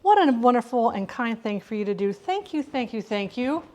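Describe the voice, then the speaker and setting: A woman's voice: fairly high pitch, lively intonation, brisk, heavy background noise. A middle-aged woman chatting casually with her live-stream viewers as she cooks in her home kitchen, rambling with frequent restarts. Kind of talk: casual live-stream chat while cooking.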